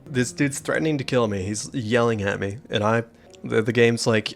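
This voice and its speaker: A man's voice: mid-range voice, normal speed, vocal fry, soft background music. A man giving casual let's-play commentary as a gaming streamer, making sarcastic, joking asides at the game.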